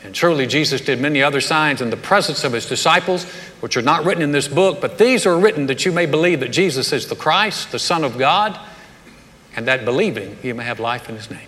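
Forceful preacher in a reverberant hall. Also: male voice, a little high, fairly quick. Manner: conversational, animated storytelling with humor. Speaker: pastor. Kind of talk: sermon.

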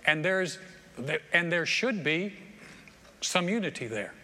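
A man preaching a lively sermon as pastor, repeating phrases and acting out other people's voices, on a stage microphone in a church auditorium. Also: high voice, slow. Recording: long hall reverb, faint room noise.

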